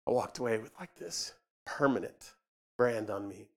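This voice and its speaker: A man preaching to a church, telling a personal story and acting out the dialogue, shifting between loud and quiet. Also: on the low side, lively intonation, moderate pace. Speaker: ministry leader speaking to a church.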